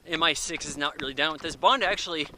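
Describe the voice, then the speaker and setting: A man's voice: fairly high pitch, sharp tone, slight background noise, rough recording. Casual rambling man reviewing a movie. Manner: rambling, filler-heavy recap with quick acted asides.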